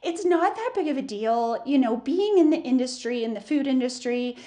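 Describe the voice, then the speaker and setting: A woman's voice: high-pitched, lively intonation, normal speed, dark tone. A woman voicing a friendly female coffee shop customer who talks in a breezy, reassuring way.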